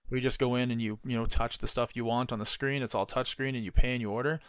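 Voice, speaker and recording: A man's voice: medium pitch, steady tone, fast talker, dry recording, clean studio sound. A man co-hosting a podcast in casual chat, telling rambling stories full of swearing and filler words. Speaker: podcast co-host.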